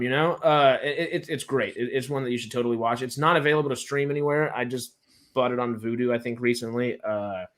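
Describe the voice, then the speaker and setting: A man hosting a casual online chat, animated and swearing freely, with many restarts. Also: medium pitch, fast talker. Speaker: host.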